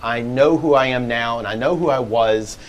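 A man's voice: medium pitch, normal speed, a little hiss or hum, low-quality recording. A man co-hosting a live podcast, telling a story in a laughing, goofy way. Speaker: podcast co-host. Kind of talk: casual live podcast chat. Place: live event venue.

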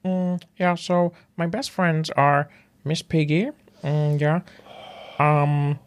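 A man doing an impression of a gentle male frog puppet, telling a slow, soft bedtime story full of hums. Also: a little high, level tone, clear, resonant tone. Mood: sleepy, soothing. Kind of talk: impression game.

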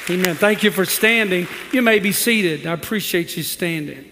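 A man's voice: high-pitched, a little slow, sharp tone, long reverb tail, a faint crowd, a little hiss or hum. A male pastor preaching a sermon in a church, leading the congregation to repeat scripture and telling humorous stories with rising emphasis. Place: church sanctuary.

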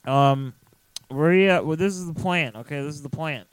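Smooth-voiced casual podcast host. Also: male voice, on the high side, moderate pace, dry recording, low-quality recording. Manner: loose, rambling, swears.

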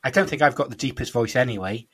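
A young man hosts a relaxed podcast chat in a husky, slightly breathy voice. He keeps things moving with dry teasing of his co-hosts. His pitch sits at an ordinary middle level for a man. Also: fast. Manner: teasing, jokey, leads the chat. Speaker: podcast host. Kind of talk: casual chat.

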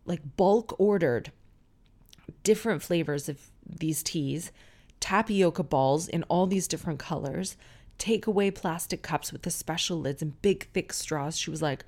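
Frank, gravelly middle-aged woman podcaster. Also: low voice, a little slow, a little mellow. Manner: frank, chatty storytelling with swearing. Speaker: podcast host. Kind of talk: casual solo podcast monologue.

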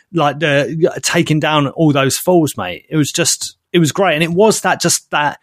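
A man's voice: fairly high pitch, steady tone, a little slow, few pauses, a bit bright, dry recording, studio quality. A man co-hosting a podcast in laid-back casual chat, repeating himself for emphasis. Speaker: podcast co-host.

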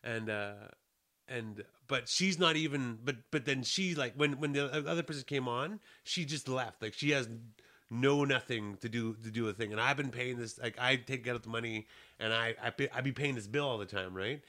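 A man's voice: medium pitch, moderate pace. Rambling man telling a story. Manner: rambling, repeats and restarts, swings to loud anger in the retelling. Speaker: storyteller in a chat. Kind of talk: casual chat.

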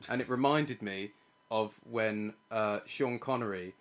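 A man in casual, animated film chat, laughing often and swearing freely. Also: on the low side, a little slow.

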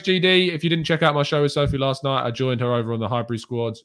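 Speaking in a fairly low voice, a man hosts a live fan stream from a small room at home. He reads chat questions aloud and answers candidly and chattily, with frequent ums and side remarks.

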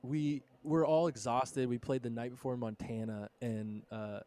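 Man, thirties, podcast co-host, laid-back storyteller, relaxed chat, mid-range voice. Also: medium pitch, moderate pace. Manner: laid-back storyteller, lots of "dude" and "bro". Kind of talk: casual chat.

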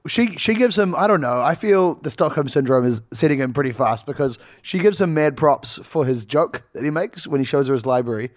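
A man's voice: fairly high pitch, brisk, hardly any pauses. A man co-hosting a casual podcast, laughing often and acting out quotes. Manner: laughing, animated, acts out quotes. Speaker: podcast co-host. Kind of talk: casual chat.

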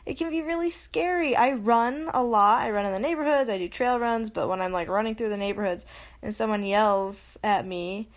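A woman's voice: a little high, moderate pace. A young adult woman hosting a casual solo podcast, chatty and self-mocking, often laughing and slipping into quoted voices. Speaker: podcast host.

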